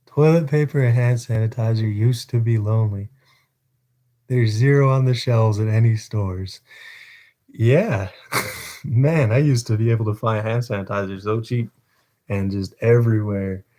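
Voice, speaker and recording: A man's voice: fairly low pitch, a little slow, warm tone. A man reading a novel aloud on a casual livestream, chatting between passages and stumbling over words.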